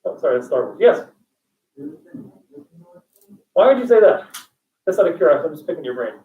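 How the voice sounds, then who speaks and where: High-voiced joking male lecturer, echoey room. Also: sing-song, a little fast. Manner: joking, digressive, quizzes students. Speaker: college instructor. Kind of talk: classroom lecture. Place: classroom. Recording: echoey classroom, distant dull mic.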